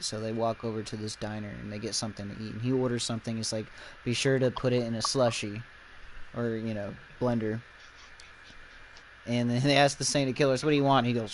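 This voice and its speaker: A man in casual podcast chat, retelling a comic scene and acting out the characters in loud, raised voices. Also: medium pitch, steady tone, normal speed, long pauses, a little hiss or hum. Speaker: podcast co-host.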